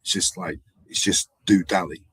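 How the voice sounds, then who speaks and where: A man hosting a live stream, wandering from story to story in a low, husky voice. He acts out the people in his tales and jumps between loud and quiet. The sound is dry and close. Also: steady tone, normal speed, no room sound, poor audio. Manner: meandering storytelling with acted-out voices and sudden loudness swings. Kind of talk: rambling live-stream monologue.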